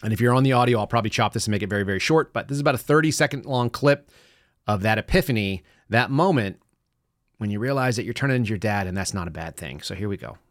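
Man, podcast host, quick casual monologue, lowish voice, dry close studio sound. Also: lively intonation, dry recording. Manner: fast, conversational, laughs at his own stories. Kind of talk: casual talk show monologue.

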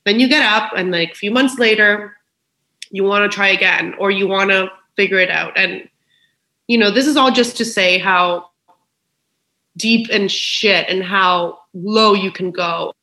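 A woman's voice: mid-range voice, a little slow, sharp tone. A woman speaking as a podcast guest in a frank, emotional, personal conversation, swearing freely. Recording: roomy echo.

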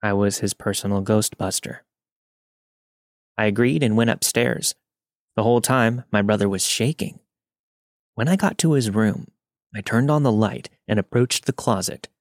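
A man reading scary first-person stories aloud in a steady, even narrator's voice. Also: on the low side, normal speed, long pauses, dry recording, studio quality. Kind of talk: scripted horror story narration.

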